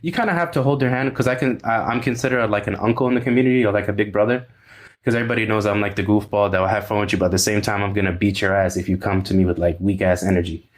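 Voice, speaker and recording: A man's voice: lowish voice, steady tone, racing. A man working as a dating coach, talking in a brash, emphatic, streetwise way in a casual podcast chat. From from overseas.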